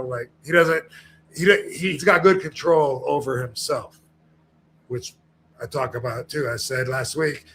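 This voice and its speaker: Casual podcast talker, man, fairly high voice, rambly with restarts, faint background noise. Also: a bit bright. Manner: rambling, many fillers and restarts, acts out quoted people.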